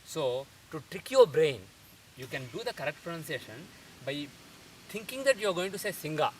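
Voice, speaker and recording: A man teaching pronunciation in a methodical lecture, repeating sounds slowly to show them. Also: fairly high pitch, sing-song. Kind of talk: explanatory lecture. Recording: distant mic with faint hiss.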